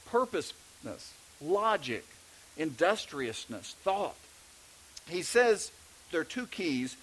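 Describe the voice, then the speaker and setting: A man's voice: high-pitched, very animated, takes it slowly, husky, rough recording. A middle-aged man with a Texas accent, preaching a sermon in a conversational way with many restarts. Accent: Texan. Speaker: pastor.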